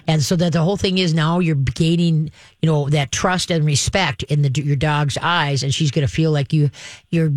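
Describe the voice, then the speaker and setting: A woman's voice: low voice, dry recording. Chatty woman dog trainer hosting. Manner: chatty, emphatic, often checks in with "okay?"; laughs often while explaining. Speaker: dog trainer and radio host. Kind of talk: call-in advice show.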